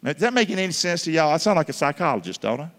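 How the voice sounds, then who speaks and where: A man preaching to his congregation in a large sanctuary, his voice carrying a long reverb off the walls. He keeps calling for answers from the room and swings between loud, punchy lines and near-whispers. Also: on the high side, very animated, racing. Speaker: pastor. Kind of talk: sermon.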